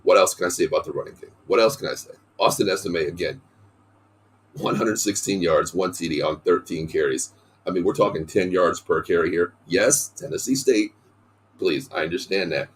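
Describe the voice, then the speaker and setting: Hoarse deep-voiced man hosting a podcast. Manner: excited, talks in quick bursts of stats. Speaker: podcast host. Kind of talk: casual sports podcast talk.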